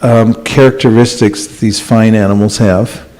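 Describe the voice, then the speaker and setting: A man teaching a scripture class and taking questions, speaking in a measured way with gentle dry humor. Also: on the low side, fairly even intonation, low-quality recording. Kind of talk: class talk with audience questions.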